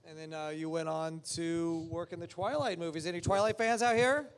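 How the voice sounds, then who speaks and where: A man's voice: a little high, steady tone, brisk, very noisy. A man moderating a fan convention panel, asking questions with short halts and restarts. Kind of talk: interview questions.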